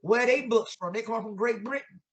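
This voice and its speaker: The guest educator's very high-pitched voice comes through with the highs cut off, delivered at a normal speed. His teaching style is conversational and impassioned, like a preacher, with lots of rhetorical questions and vernacular grammar.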